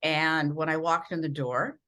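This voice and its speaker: Low-voiced woman telling lively stories. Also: a little slow. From rural Minnesota. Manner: animated storyteller acting out voices in quotes. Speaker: interview guest, broadcast journalist. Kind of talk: storytelling in a podcast interview.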